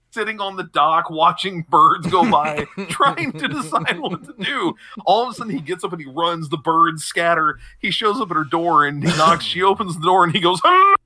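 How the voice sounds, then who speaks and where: A man's voice: sits high, pushed and bright, no room sound. A young man on a podcast, animatedly retelling TV episodes and laughing often mid-sentence. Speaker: podcast co-host. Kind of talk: casual chat, recapping TV episodes.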